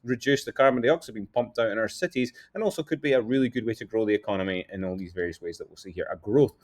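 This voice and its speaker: A man's voice: lowish voice, fast. A man who is an independent political candidate, talking casually over slides in a rambling, jokey way with frequent chuckles.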